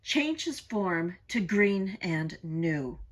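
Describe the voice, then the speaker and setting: A stern fairy, played by a woman reading a storybook, pronouncing a warning and chanting a spell. She speaks slowly and solemnly in a husky voice. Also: lowish voice, very animated, exaggerated voice. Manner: solemn, incanting.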